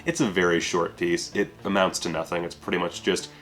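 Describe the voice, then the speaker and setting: A man's voice: low voice, flat delivery, a little fast, a bit bright. A man casually reviewing a home video release, offhand and self-deprecating, with casual swearing.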